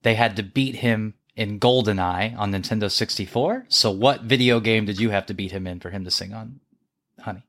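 Low-voiced man asking teasing questions. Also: normal speed, a bit bright. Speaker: interviewer. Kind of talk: casual interview.

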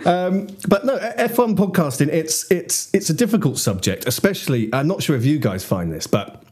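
A man's voice: a little high, big pitch swings, moderate pace, darkish tone, slightly rough. A man hosting a casual podcast chat, self-deprecating and a bit rambling. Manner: chatty and self-deprecating, with frequent restarts. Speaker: podcast host.

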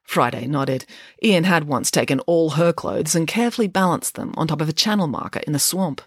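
A woman narrating an audiobook in an expressive storytelling manner. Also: low-pitched, a little fast, slightly rough, no room sound, studio quality.

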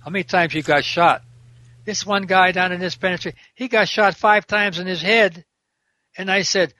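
A man's voice: high voice, steady tone, normal speed, sharp tone, no echo. An older man, a prison minister and guest, talking fervently in an interview and quoting scripture verse by verse. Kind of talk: preaching interview talk.

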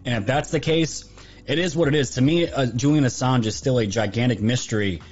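A man's voice: mid-range voice, brisk, darkish tone, highs cut off. A man hosting an opinionated news commentary show, talking emphatically and repeating himself. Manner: emphatic and repetitive.

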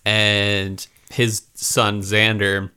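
A man's voice: lowish voice, monotone, very slow, bright, forceful tone, smooth. A young man co-hosting a casual podcast from a closet home studio, laid-back and hesitant with lots of fillers. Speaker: podcast co-host.

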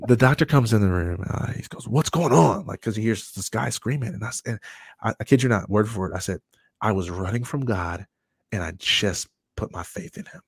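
A man being interviewed, telling his story with animated energy and laughter. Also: on the low side, normal speed, breathy edge, dry recording, studio quality. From Michigan. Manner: animated storyteller, acts out voices, laughs often. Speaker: guest.

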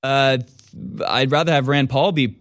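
A man's voice: mid-range voice, steady tone, a bit bright, no room sound. A man hosting a call-in show, chatting with callers in a joking, rambling way full of restarts. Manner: joking, quick riffs, trails off into restarts. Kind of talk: casual call-in talk.

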